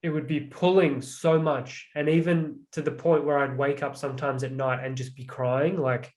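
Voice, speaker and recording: A man's voice: mid-range voice, little pitch movement, moderate pace, a little mellow. A man telling personal stories about emotional pain in a reflective, casual way, with many "like" fillers. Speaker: guest. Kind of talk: casual conversation.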